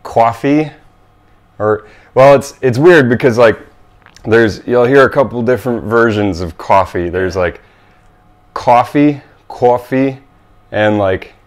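Midwestern american guy from wisconsin, laid back, lots of uh and like, kinda low. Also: moderate pace. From Wisconsin, USA. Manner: relaxed, chatty, hesitant fillers. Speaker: guest. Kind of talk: casual chat and word reading.

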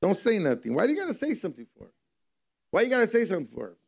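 This man's high voice swoops wildly in pitch and moves very fast, with a creaky, slightly rough quality. At a church service he gives a conversational sermon built around funny stories.

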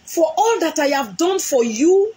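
A woman's voice: sits high, very animated, measured pace, mellow. A woman with a Nigerian accent, a prophetess speaking on a live stream in an impassioned way, repeating lines for emphasis. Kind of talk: emotional live-stream address.

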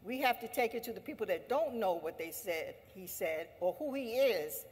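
A woman labor leader giving an impassioned assembly speech, emphatic and repetitive, rising to forceful exhortation. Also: mid-range voice, animated, normal speed. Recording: long hall reverb.

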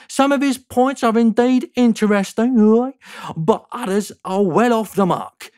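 A condescending male executive reads his letter in a lifted, pointed voice, lingering on every jab. A man puts on this mock accent over his normal speaking voice. The delivery is measured and superior, pitched well above the performer's own voice. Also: dark tone, dry recording, studio quality, exaggerated voice. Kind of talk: reading an email aloud in a mock voice.

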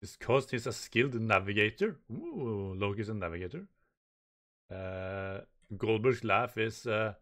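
Slow, halting man reading manga aloud. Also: fairly low pitch, animated, a bit bright. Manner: halting, stumbles and repeats words while reading; reads the dialogue aloud in lightly raised voices. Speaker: manga reaction host.

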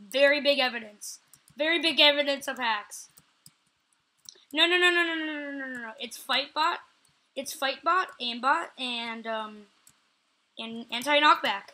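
A woman hosts her gaming channel with live commentary, her voice high and bright. She talks excitably, repeating the same short phrases several times and yelling out whenever she catches something. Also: moderate pace.

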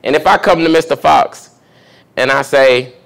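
Pastor preaching in a conversational tone. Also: male voice, on the high side, normal speed, creaky, fairly bright tone. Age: young adult. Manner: conversational preaching, asks the congregation questions. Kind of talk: sermon teaching.

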